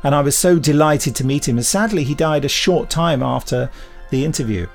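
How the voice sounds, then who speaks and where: Brisk and creaky, with a voice on the high side, a man co-hosts a podcast over soft background music. He keeps the talk casual, telling stories and doing little imitations of other people.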